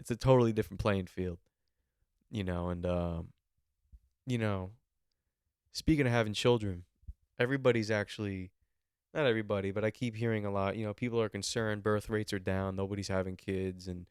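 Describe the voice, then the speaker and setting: Man in his twenties, podcast host, casual rambling monologue, swears a lot, smooth voice, dry close sound. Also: lowish voice, no echo. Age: 20s. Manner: rambling, swears freely, tells stories with put-on quotes.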